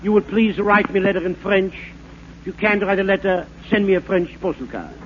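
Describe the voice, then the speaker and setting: A man doing a high-voiced huckster professor. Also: brisk, lightly acted. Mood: mock-lecturing. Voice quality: stammering, rambling comic patter. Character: bumbling fake French professor, fast-talking huckster man. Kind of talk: 1940s radio comedy monologue. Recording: narrow-band scratchy 1940s radio broadcast.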